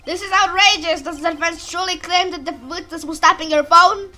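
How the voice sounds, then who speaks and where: A woman's voice: extremely high pitch, fairly even intonation, fairly quick, pushed and bright, faint music behind. A woman voicing a stern male prosecutor who dismisses the defense with objections. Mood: dismissive.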